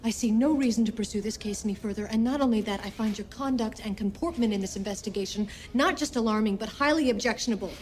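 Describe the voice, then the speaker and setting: Woman playing a stern female FBI agent, clipped and formal, brisk delivery. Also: on the high side, darkish tone, close to an everyday voice. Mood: exasperated.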